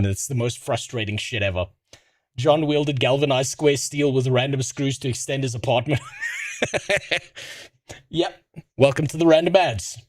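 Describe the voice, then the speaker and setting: A man's voice: mid-range voice, no echo. Male streamer, mid-range voice, dry close-miked sound; profane, rambling sarcastic riffs. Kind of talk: casual reaction stream commentary.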